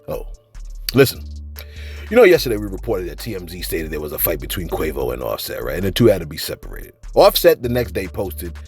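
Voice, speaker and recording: A man's voice: huge pitch swings, normal speed, husky, faint music behind. A man hosting a celebrity gossip show, talking loosely and jokingly to camera and acting out other people's voices. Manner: loud, joking, acts out voices with big swings in pitch. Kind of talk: animated commentary to camera.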